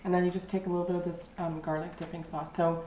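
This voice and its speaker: A woman's voice: lowish voice, little pitch movement, fast, dark tone, slight background noise. A woman guest casually walking friends through a recipe in a kitchen, easygoing and step by step. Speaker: guest cook. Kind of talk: casual chat. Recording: echoey kitchen.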